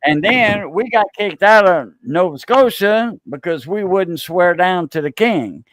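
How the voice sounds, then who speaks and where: A man's voice: high voice, lively intonation, a bit bright. Rambling Cajun man telling stories. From South Louisiana. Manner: rambling storyteller, halting with many fillers and restarts. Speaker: host. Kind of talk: casual chat.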